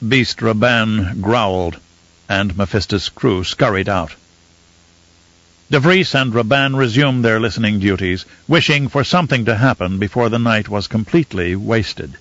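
A man narrating a novel in a measured storytelling manner. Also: on the low side, fairly bright tone, dry recording. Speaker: audiobook narrator. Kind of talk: scripted audiobook narration. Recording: slightly muffled dry recording.

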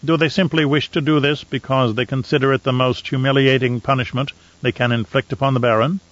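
A man narrating an audiobook in a steady storytelling voice. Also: medium pitch, brisk, dry recording, muffled recording. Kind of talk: scripted narration.

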